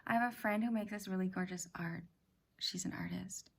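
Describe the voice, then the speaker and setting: A middle-aged woman hosting a reflective self-help talk, speaking softly and often in a half-whisper, gentle and halting. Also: medium pitch, gravelly, slight background noise. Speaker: self-help practice host. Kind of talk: soft-spoken personal reflection.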